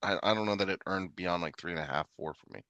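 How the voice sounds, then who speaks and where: Bright-voiced male co-host, dry close sound. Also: sits low, fast talker, dry recording, muffled recording. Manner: easygoing, trails off, searches for words. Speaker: podcast co-host. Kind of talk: casual movie chat.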